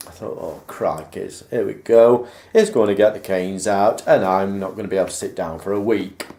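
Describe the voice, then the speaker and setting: A man tells a rambling story from his past in a fairly low voice that swings widely in pitch. He acts out the remembered conversations as he goes. The sound is roomy, with a noticeable echo. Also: lively intonation, brisk, mellow. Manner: rambling anecdote, acting out remembered dialogue. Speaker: vlogger. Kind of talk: casual personal storytelling.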